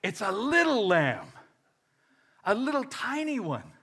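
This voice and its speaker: A man's voice: high-pitched, huge pitch swings, unhurried, bright, forceful tone, husky. A man preaching a sermon, reading scripture with joking asides and leading the congregation in call-and-response. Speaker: pastor.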